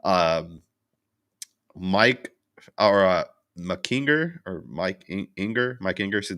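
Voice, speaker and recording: A man's voice: low-pitched, animated, moderate pace, fairly bright tone. A young man hosting a casual post-game recap, rambling with fillers and restarts as he vents his frustration and answers chat comments. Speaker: sports channel host.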